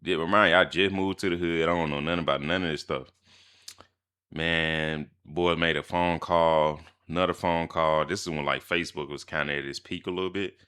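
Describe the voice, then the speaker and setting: Young man, very deep but bright-edged voice, slangy storytime vlogger. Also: moderate pace, clean tone. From Mississippi, US. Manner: slangy, animated storytelling with laughs. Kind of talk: storytime vlog.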